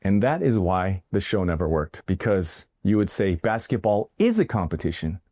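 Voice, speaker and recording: A middle-aged man hosting his own art video, giving an animated, jokey motivational monologue that keeps rising into loud bursts. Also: deep voice, normal speed. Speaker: artist and video host. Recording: music bed under the voice.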